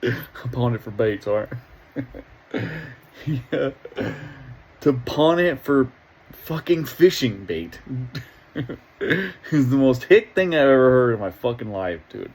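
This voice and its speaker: A man's voice: medium pitch, sing-song, slow pace, long pauses, a little mellow, poor audio. A middle-aged man hosting a casual reaction video, talking in a profane, rambling way and laughing often.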